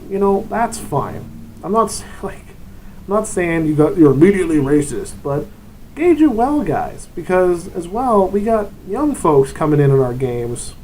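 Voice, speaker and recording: Rambling man with a higher voice. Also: dark tone, a little hiss or hum, poor audio. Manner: rambling and digressive, often breaking into short put-on voices. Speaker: tabletop RPG vlogger and game master. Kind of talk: casual advice monologue.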